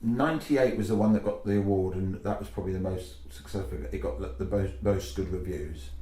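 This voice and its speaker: Comedian guest, male, low-ish voice, lively storyteller who acts out lines; roomy recording. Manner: animated storytelling, quick to act out voices. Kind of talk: casual podcast interview. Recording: echoey room.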